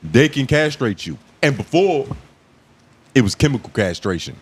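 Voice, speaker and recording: A man's voice: medium pitch, very animated, normal speed, breathy edge. A man co-hosting a podcast in casual chat, teasing and cutting in with profane slang. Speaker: podcast co-host.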